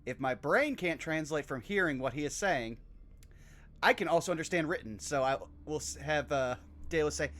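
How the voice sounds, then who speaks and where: A man's voice: a little high, normal speed, fairly bright tone. A man in his thirties playing a tabletop game, casual and joking, with many fillers. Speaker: player.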